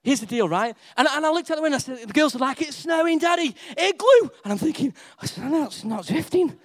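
A man's voice: very high-pitched, expressive, fast talker. A middle-aged man preaching a sermon as a pastor, telling a story and acting out voices.

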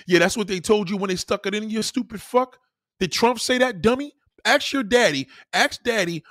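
A man streaming live, ranting loudly and insulting his chat with heavy profanity, repeating his questions and mocking commenters. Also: high voice, a little fast, no room sound, clean studio sound. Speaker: livestreamer reading chat comments. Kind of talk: angry profane live rant.

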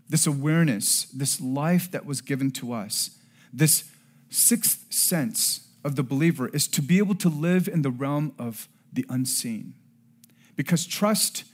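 Telling a personal story in his sermon, a middle-aged pastor has a husky, medium-pitched voice. His earnest delivery swings from loud, emphatic moments down to quiet, hushed ones.

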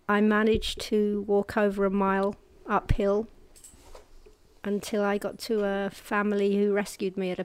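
Telling her personal testimony to an audience, a woman speaks with a clear, resonant, medium-pitched voice, earnest and halting, with restarts and hushed pauses at hard moments. She shifts vividly between brisk pacing and slow, hushed passages. The sound is dry and close, with no room sound at all.

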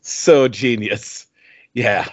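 A man's voice: lowish voice, drawn-out words, slightly rough, dry recording, dull audio. A man in his forties co-hosting a casual podcast chat, laughing often and quoting lyrics in a sing-song. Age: 40s. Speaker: podcast co-host.

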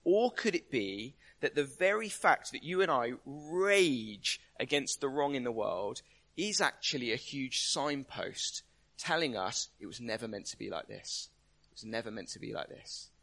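A man's voice: medium pitch, big pitch swings, unhurried, fairly bright tone. A man giving a conversational sermon, emphatic and full of rhetorical questions. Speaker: preacher.

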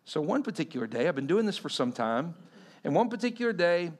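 A man in his forties from Texas, preaching a sermon and telling a personal story, acting out the people he quotes and swinging between loud and hushed delivery. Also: a little high, very animated, a little fast. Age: 40s. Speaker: pastor.

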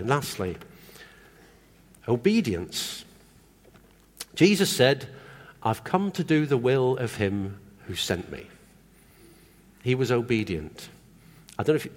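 Lively male preacher in a reverberant hall. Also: medium pitch. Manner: conversational, asks the congregation questions. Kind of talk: sermon. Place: church hall.

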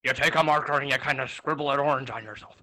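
A man's voice: medium pitch, fast talker, sharp tone, natural voice. A man doing a brash foul-mouthed Nixon. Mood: brash lewd. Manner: brash, lewd, swaggering, swearing. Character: crude foul-mouthed male character named Nixon. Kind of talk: comedic improv on a remote podcast.

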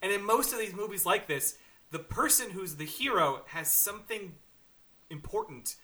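A man's voice: high-pitched, animated, normal speed, pushed and bright. A man co-hosting a podcast, chatting casually about a movie, rambling with restarts and frequent laughter. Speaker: podcast co-host. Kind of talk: casual movie review chat.

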